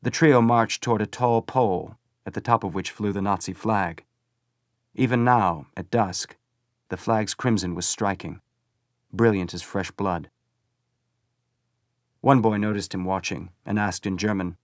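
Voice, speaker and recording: A man reading a novel aloud as an audiobook narrator, measured and steady. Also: lowish voice, dry recording, clean studio sound. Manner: measured storytelling. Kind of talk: scripted narration.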